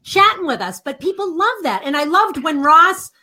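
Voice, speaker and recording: A woman's voice: very high voice, sing-song, moderate pace, bright, forceful tone. A woman from Boston with a Boston accent, a guest chatting casually and gushingly on a live-stream show over a video call. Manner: bubbly, gushing, laughs easily. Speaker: guest broadcaster.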